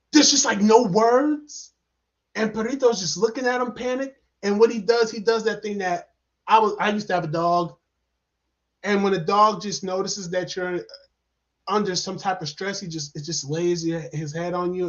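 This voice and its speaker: High-pitched guy rambling excitedly through a movie review, lots of fillers, kinda muffled lo-fi sound. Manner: excitable, rambling, heavy use of fillers and repeats. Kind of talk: casual spoken movie review. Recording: dull lo-fi sound.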